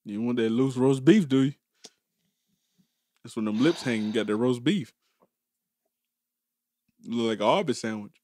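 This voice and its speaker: A man co-hosting a casual podcast chat, joking in slang and laughing loudly. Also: medium pitch, a little slow, long pauses, no echo, clean studio sound. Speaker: podcast co-host.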